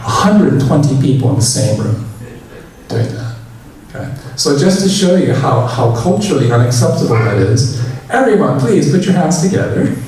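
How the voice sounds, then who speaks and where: A man giving a relaxed, chatty dharma talk as a temple minister and leading loud chanting. He is recorded in a big, very echoey temple hall from some distance. Faint room noise sits behind him. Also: medium pitch, normal speed.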